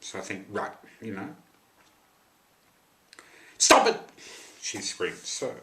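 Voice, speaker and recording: A man with a low voice tells a personal story to camera, wandering off into dry, wry asides. His tone is bright and forceful despite the depth, and the sound rings around an echoey room.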